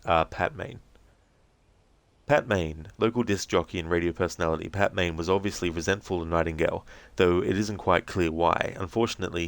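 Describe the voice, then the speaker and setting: A man's voice: sits low, dry recording. A man streaming a game playthrough, chatting offhand and reading background notes aloud.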